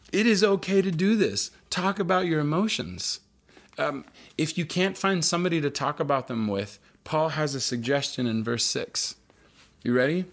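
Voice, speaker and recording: A man's voice: medium pitch, a bit bright. A man in his thirties preaching a sermon, earnest and conversational, with light humor and key phrases repeated for emphasis. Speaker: pastor.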